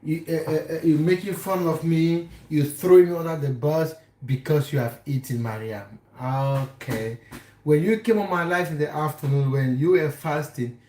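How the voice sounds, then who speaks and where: A man's voice: on the high side, moderate pace, dark tone, a little hiss or hum. A young man from Cameroon hosting a casual livestream from his kitchen, chatting with and teasing viewers by name as he reads their comments. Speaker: livestream host. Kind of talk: casual live chat reading viewer comments. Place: home kitchen. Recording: echoey kitchen room.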